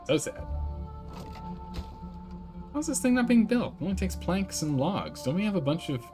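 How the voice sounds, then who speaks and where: A man's voice: sits high, big pitch swings, normal speed, over music. A man casually commentating his building game on a live stream, thinking aloud, answering chat and laughing often.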